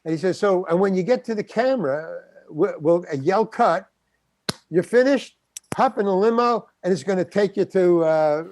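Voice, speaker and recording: A man's voice: sits high, normal speed, a little mellow. An older man, a guest actor, telling a story in an interview and acting out the quotes. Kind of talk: anecdotal storytelling.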